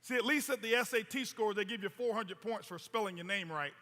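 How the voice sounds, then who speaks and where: A man presents on stage as a motivational speaker, telling stories emphatically and repeating words. His voice sits high, bright and forceful, at a brisk pace, and the recording carries a long hall reverb.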